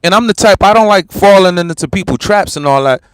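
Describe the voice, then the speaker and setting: A man's voice: sits high, lively intonation, a little fast, clear, resonant tone, no room sound. A man with a New York accent hosting a livestream and ranting bluntly and combatively in street talk. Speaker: livestream host. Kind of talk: heated livestream rant.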